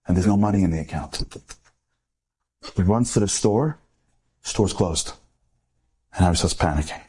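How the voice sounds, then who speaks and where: Fast-talking man telling a story. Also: fairly low pitch, husky. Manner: animated, full of rhetorical questions and acted-out dialogue. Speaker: inspirational speaker. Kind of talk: storytelling talk to a live audience.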